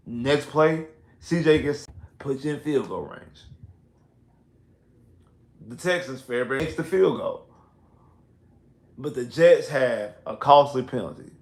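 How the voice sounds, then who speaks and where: A man's voice: a little high, animated, takes it slowly, pauses often, echoey room. A man hosting a casual postgame sports livestream, talking in an emphatic, repetitive way that grows heated and exasperated. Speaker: sports talk livestream host. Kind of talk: casual postgame football rant. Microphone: headphones and home streaming setup.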